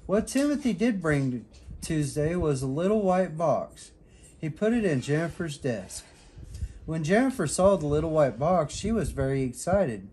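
A father reading a children's bedtime story aloud, with an expressive, animated reading. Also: on the high side, normal speed, breathy edge.

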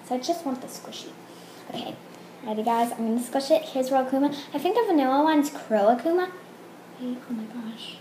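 A young woman vlogging an excited toy unboxing, gushing and exclaiming over it. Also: high voice, fairly quick. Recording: echoey room with clear background noise.

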